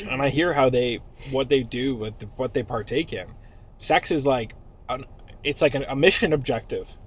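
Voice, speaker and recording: A man's voice: medium pitch, moderate pace, breathy edge. A man hosting a casual podcast chat, crude and joking, often laughing. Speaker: podcast host.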